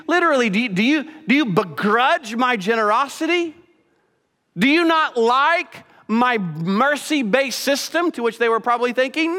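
A man preaching a sermon as pastor, telling the story with lively acted-out voices. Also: extremely high pitch, normal speed, big-room sound. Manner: acts out quoted voices, animated storytelling.

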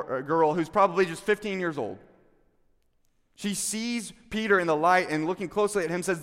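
A man preaching a sermon as pastor, telling the story with animated delivery and acting out the quotes. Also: fairly high pitch, big-room sound.

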